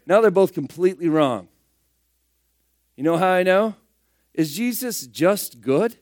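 A man preaching a sermon, firing rhetorical questions and swinging between loud emphatic bursts and hushed asides. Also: high voice, dry recording, clean studio sound.

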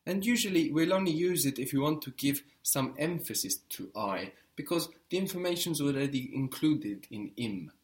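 A man's voice: fairly high pitch, animated, normal speed, hardly any pauses. A man teaching a language lesson, patiently modeling words and encouraging the learner.

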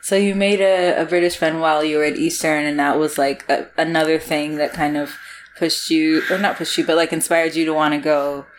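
A woman hosting an interview, calmly summarizing and affirming her guest's stories. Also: low voice, a little fast, slight background noise. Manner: calm, affirming, summarizing questions. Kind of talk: conversational interview.

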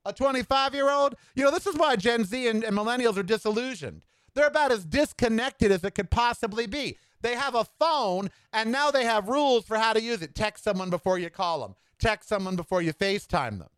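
Indignant, lively-voiced man ranting. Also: high-pitched, a little fast, clean tone, dry recording. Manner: indignant, sarcastic, exclaiming. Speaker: podcast host. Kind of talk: solo opinion rant.

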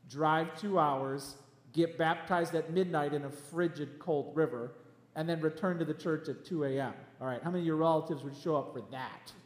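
High, animated male pastor preaching. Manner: animated, emphatic preaching with quick asides. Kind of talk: sermon. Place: church hall. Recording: echoey church hall.

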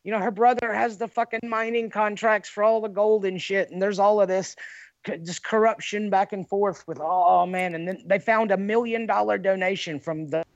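A man's voice: sits high, no echo, dull audio. A man chatting casually on a podcast over a call, talking politics in a heated, profane way. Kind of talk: casual chat.

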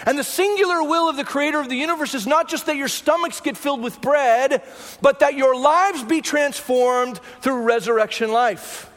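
A man's voice: extremely high pitch, normal speed, fairly bright tone, in a large hall. A man preaching a sermon as pastor, talking through the scripture in a conversational way and often checking in with the congregation. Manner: conversational preaching with rhetorical "right?" asides.

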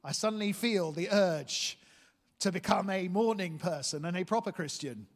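A man preaching a sermon, telling a story with lively energy and asking his listeners questions. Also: high-pitched, moderate pace. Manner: animated storytelling, asks the room questions. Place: church hall. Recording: long hall reverb.

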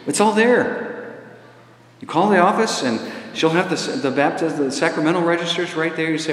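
A priest preaching a sermon to his congregation. His delivery is lively, rising into emphatic runs, with filler uhs between thoughts. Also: a little high, normal speed. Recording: echoey church hall, faint ambience.

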